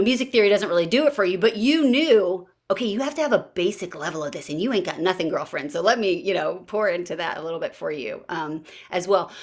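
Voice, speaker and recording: A woman hosting a casual podcast conversation, telling stories in a lively way and acting out what others said. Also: mid-range voice. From Baltimore area, US. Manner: lively storyteller, acts out quotes. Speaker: podcast host.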